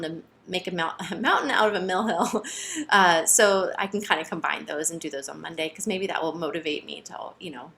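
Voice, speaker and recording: A woman chatting casually to camera about her cross-stitch projects, excitable, with many fillers and restarts. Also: on the low side.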